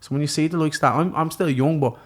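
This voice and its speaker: A man's voice: fairly high pitch, fast. A young Irish man in his twenties, a boxer guest telling stories in casual podcast chat, full of fillers and swearing. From Ireland.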